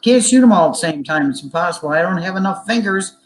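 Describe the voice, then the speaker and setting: A woman's voice: on the low side, animated, quick pace, low-quality recording. A woman guest on a casual online talk show, teasing with dry humor.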